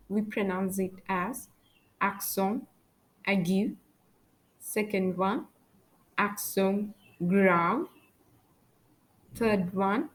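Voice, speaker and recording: A woman teaching French, pronouncing letters and words slowly and carefully one at a time. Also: medium pitch, poor audio. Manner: slow, careful letter-by-letter pronunciation. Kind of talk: slow spoken language lesson.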